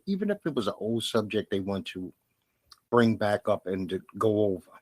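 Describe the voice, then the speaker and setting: A middle-aged man with a Brooklyn accent delivers a solo podcast monologue in a lowish voice. He talks bluntly and with emphasis, stacking repeated phrases to drive each point home. The recording is close and dry, with no room sound. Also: no echo. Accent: Brooklyn New York. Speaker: podcast host.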